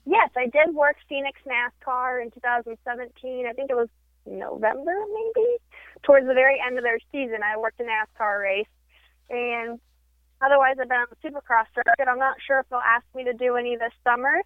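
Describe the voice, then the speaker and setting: A bubbly woman in her twenties chats eagerly as an interview guest, her voice slightly high. She comes through a thin, tinny phone line with a dry sound. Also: a little fast, no echo. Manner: bubbly, upbeat and talkative. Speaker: guest, brand promo model.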